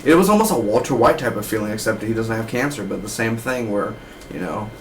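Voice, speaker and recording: A man's voice: on the low side, animated, fast talker, a little hiss or hum, poor audio. Slangy young man rambling. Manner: slangy, loose, keeps saying man and dude. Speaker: TV show reviewer. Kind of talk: casual rambling review.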